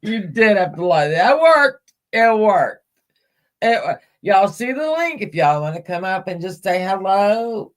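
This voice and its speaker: A man's voice: high voice, very animated, measured pace, a bit bright. A man hosting a casual live stream, chatting and greeting viewers by name as he goes. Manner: chatty, greets viewers mid-sentence, laughs easily.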